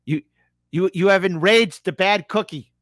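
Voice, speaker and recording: A man's voice: fairly high pitch, animated, normal speed, fairly bright tone. A man commenting on a debate clip during a live stream, mocking it with laughs and reading viewer messages aloud.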